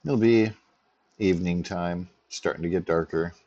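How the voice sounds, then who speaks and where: A man running a tabletop game as game master, explaining rules in a relaxed way. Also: low-pitched, moderate pace, dry recording, muffled recording.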